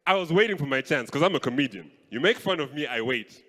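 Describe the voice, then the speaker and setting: A man doing a live stand-up routine, acting out his family's voices in animated bits. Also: fairly high pitch, fast talker, hardly any pauses. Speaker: stand-up comedian. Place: live comedy stage at an arts festival. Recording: echoey hall.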